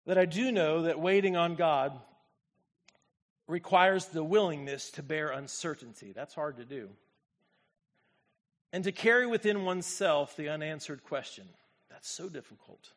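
A man preaching a sermon as pastor, swinging from quiet, low reflection to loud, fervent exclamation and calling on the congregation to respond. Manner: speaks to the congregation directly, asks for responses.

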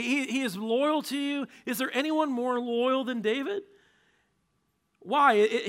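A man voicing a frightened old-time priest who pleads his innocence, stammering in a high voice. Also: fairly bright tone.

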